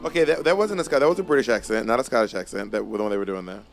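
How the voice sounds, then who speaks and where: A man with a gravelly, creaky voice chats casually as a co-host. He talks in an animated, emphatic way and often restarts his sentences. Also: fairly low pitch, very fast, soft background music. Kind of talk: casual chat.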